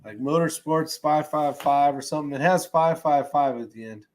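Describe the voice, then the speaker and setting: A man hosting a casual livestream, reading chat comments aloud in a relaxed, rambling way that often trails off. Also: on the high side, normal speed.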